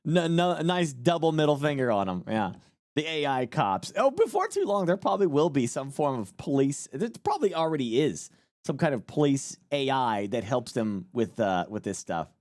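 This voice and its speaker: A man's voice: mid-range voice, lively intonation, normal speed, a little mellow, dry recording, studio quality. A man live-streaming casual commentary, rambling and joking with plenty of swearing. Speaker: streamer reacting to a news clip.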